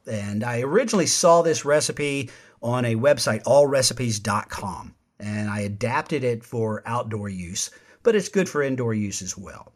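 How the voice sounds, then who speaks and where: A man's voice: mid-range voice, animated, measured pace. A man hosting a podcast, delivering an emphatic monologue and shifting his tone for effect. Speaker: podcast host.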